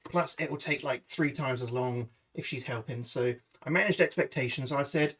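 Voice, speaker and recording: A man's voice: medium pitch, moderate pace, few pauses, a bit bright, slightly rough. A British man chatting casually to his livestream viewers from his home kitchen, swearing freely as he goes. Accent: British English. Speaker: livestream host. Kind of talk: casual cooking livestream chat.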